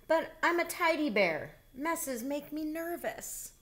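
A woman voicing a timid, fussy young male bear in a read-aloud storybook, anxious and excitable. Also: high voice, takes it slowly, pitched above the performer's own voice, heavily acted.

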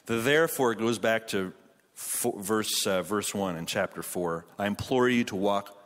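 A man in his thirties giving a humorous conference sermon. He tells jokey family stories and then turns to earnest Bible teaching, speaking in a conference hall. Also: low voice.

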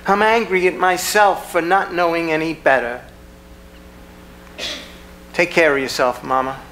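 A man's voice: on the high side, fairly even intonation, unhurried, fairly bright tone, a little hiss or hum, rough recording. A man playing a weary, wounded grown son who speaks to his mother in an earnest, pained way, in a community theater play. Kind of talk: community theater stage acting. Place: theater stage.

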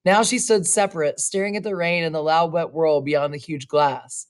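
A woman reading a short story aloud, slow and expressive, now and then adding casual asides. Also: sits low. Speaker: reader.

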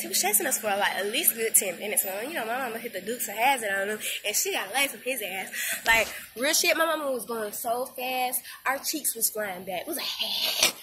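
A woman vlogger telling a story in casual slang, animated and laughing as she talks, recorded outdoors. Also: sits high, noisy background.

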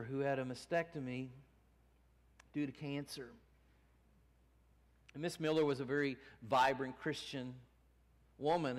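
A male pastor preaching a sermon in a church, earnest, rising from hushed to emphatic. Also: medium pitch. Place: church sanctuary. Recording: long church reverb.

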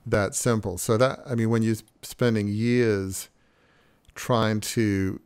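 A man's voice: on the low side, fairly even intonation, slow pace, smooth. A man hosting a podcast interview, rambling and thinking aloud, with frequent restarts. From Australia. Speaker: podcast host. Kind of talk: conversational interview.

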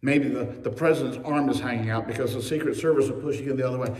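A man's voice: mid-range voice, fast talker, a little mellow. A man preaching a sermon as pastor, telling the story with humorous asides and acting out the quotes. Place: church sanctuary. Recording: echoey church recorded from a distance.

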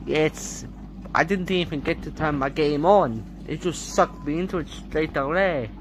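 A performer narrating a playful toy story in an excitable way, with added sound effects. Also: mid-range voice, unhurried, noisy background.

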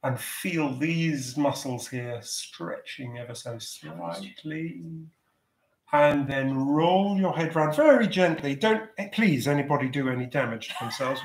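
A man leading a choir's vocal warm-up over a video call, giving gentle, encouraging instructions. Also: fairly high pitch, reverberant.

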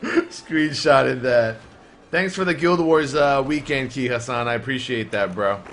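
A man streaming a game live, trash-talking other players with loud, profane, joking outbursts. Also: medium pitch, a little slow, faint music behind. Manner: brash trash talk with loud outbursts and laughter. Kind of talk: profane live gameplay commentary.

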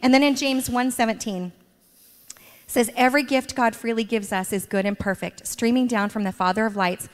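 A woman's voice: a little high, fairly even intonation, moderate pace. A middle-aged woman being interviewed at church, telling stories about her children with frequent laughter. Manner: warm storytelling with frequent laughs. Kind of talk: church stage interview, storytelling. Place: church sanctuary. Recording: long reverb of a church hall.

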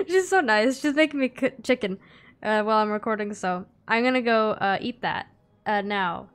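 A woman's voice: medium pitch, moderate pace, clear, resonant tone, soft background music. A woman hosting a gaming video in a chatty, giggly way, rambling as she plays. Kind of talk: casual let's-play commentary.

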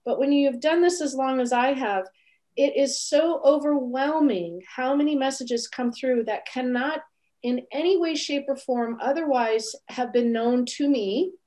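Woman guest, animated storyteller, slightly high voice, video call. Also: measured pace. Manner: animated, acts out quoted voices. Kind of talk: storytelling interview.

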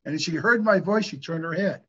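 A man's voice: fairly high pitch, fairly quick, pushed and bright, slightly rough, faint music behind. A middle-aged man, a clinic owner, telling stories in an interview in an earnest, preachy way and asking rhetorical questions. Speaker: hyperbaric clinic owner, guest. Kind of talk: conversational interview storytelling. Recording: dull lo-fi recording.

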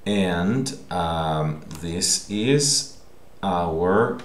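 A man's voice: low-pitched, lively intonation, extremely slow. A man teaching a language lesson, patiently explaining each point and often checking in with "okay?". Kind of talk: recorded online language lesson. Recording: echoey room.

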